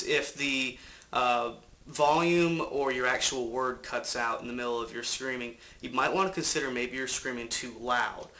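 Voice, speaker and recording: Male vocal coach, bright edgy voice, slight cold, loose and profane, apartment recording. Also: mid-range voice, slight background noise. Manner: loose, rambling explanations with fillers and occasional swearing. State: has a cold. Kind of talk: casual instructional talk.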